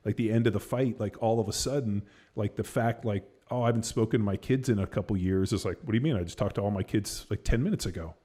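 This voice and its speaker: A man's voice: on the low side, fast talker, hardly any pauses, warm tone, slightly rough. A man hosting a podcast, telling a story in a loose, rambling way, full of fillers and casual swearing. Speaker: podcast host. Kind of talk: casual chat.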